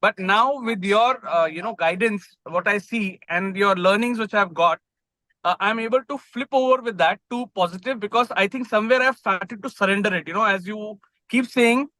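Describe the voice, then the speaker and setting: A man's voice: high voice, normal speed, sharp tone, dry recording, rough recording. A man taking part in an online group call, sharing his experience hesitantly with many fillers. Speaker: participant on the call. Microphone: video call.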